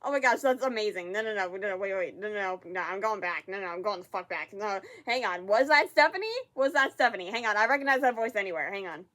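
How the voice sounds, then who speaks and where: A woman hosting a casual reaction vlog, excitable and giggly, often repeating herself in quick bursts. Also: medium pitch. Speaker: reaction video host.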